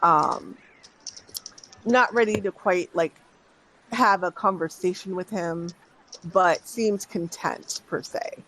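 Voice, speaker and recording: A game master narrating a tabletop game at an easy, unhurried pace. The delivery is halting, with phrases often restarted and trailing off before picking back up. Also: mid-range voice, pushed and bright, a little hiss or hum, rough recording. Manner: unhurried, hesitant, restarts with many fillers.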